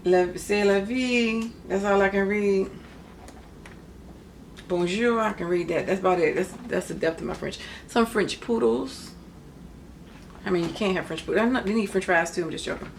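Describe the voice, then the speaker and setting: A woman's voice: medium pitch, vocal fry, slight background noise. A middle-aged woman chatting casually through a craft paper haul, rambling with joking asides. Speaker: crafting vlogger. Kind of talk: casual haul show-and-tell.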